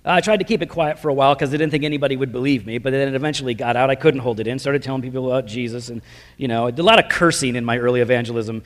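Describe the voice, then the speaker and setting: A man shares his testimony from the pulpit in a loose, self-deprecating way, dropping "man" and "like" as he goes. His voice is mid-pitched. It rings out with the long reverb of a big hall. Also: very fast. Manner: casual, self-deprecating storytelling with slang fillers. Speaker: preacher giving his testimony. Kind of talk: personal testimony talk.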